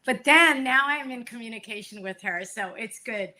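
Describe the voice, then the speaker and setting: A woman guest chatting in a relaxed, rambling way on a live stream. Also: fairly high pitch, normal speed. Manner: relaxed, rambling, self-deprecating. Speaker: musician guest. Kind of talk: casual live-streamed conversation.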